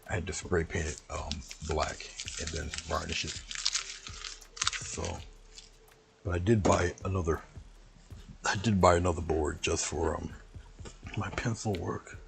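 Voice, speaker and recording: A man's voice: deep voice, steady tone, unhurried, creaky, long pauses. A man chatting casually as he finishes a painting demo, rambling and talking to himself while he works. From US East Coast. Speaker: painting instructor.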